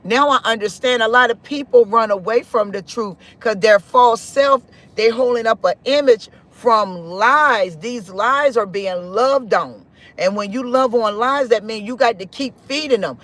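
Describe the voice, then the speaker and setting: Man, 40s, very high-pitched, emphatic spiritual livestream host with a preachy, repetitive delivery. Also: unhurried, a bit bright. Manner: emphatic, preachy, repeats phrases. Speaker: live-stream host. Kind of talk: spiritual live-stream talk.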